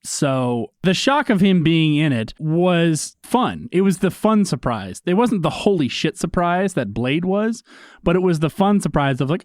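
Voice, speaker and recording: A man co-hosting a podcast, giving his opinions in a measured, even way. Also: on the high side, no echo, studio quality. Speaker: podcast co-host. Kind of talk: casual chat.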